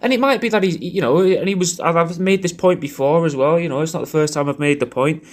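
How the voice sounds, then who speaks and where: A man's voice: on the high side, quick pace. A man rambling through a crude comic birthday message, repeating himself as he goes. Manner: rambling, repeats himself, crude jokes, puts on silly voices in quotes. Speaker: comedian recording a personalised video message.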